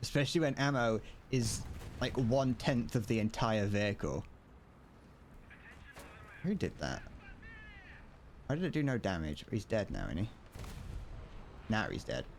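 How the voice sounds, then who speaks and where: A man's voice: fairly low pitch, sing-song, a little slow, pauses often, slight background noise. A young man streaming a tank game, chatting casually with viewers and often restarting sentences. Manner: rambling, frequent restarts and chuckles. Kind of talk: casual gaming livestream chat. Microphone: desk mic, wearing headphones.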